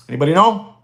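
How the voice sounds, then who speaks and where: A middle-aged man hosting a live stream as a watch dealer. He talks straight to his viewers in an excitable, chatty way and drops in Spanish words. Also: fairly high pitch, creaky. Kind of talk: casual livestream chat with viewers.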